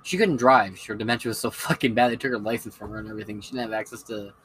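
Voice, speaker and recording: A man's voice: fairly low pitch, very fast, a bit bright, slight background noise, rough recording. A man hosting a podcast, rambling in a casual, profane, opinionated monologue. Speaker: podcast host.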